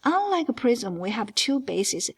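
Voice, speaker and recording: A woman's voice: a little high, a little slow, breathy edge. A woman math teacher with a non-native English accent, walking through a geometry lesson and stressing key words. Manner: emphatic, stretches key words, lively ups and downs.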